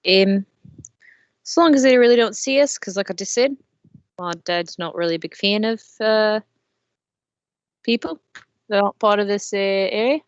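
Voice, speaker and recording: A woman's voice: mid-range voice, normal speed, long pauses, smooth, no echo. A woman playing a character in a tabletop game, rambling with many fillers and casual swearing. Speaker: player. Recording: dull lo-fi mic with faint noise.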